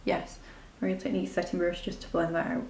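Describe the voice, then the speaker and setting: A woman's voice: lowish voice, flat delivery, fast, a little mellow, reverberant, slight background noise. A woman talking through a makeup tutorial in a chatty, rambling, self-deprecating way. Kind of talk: casual step-by-step tutorial narration.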